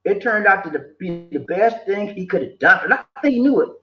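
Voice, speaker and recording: An older Southern man vlogs casual, preachy life advice, his voice sitting high and brisk, animated and repetitive, slipping in quoted voices. It's a laid-back motivational talk recorded in an echoey room with dull lo-fi sound.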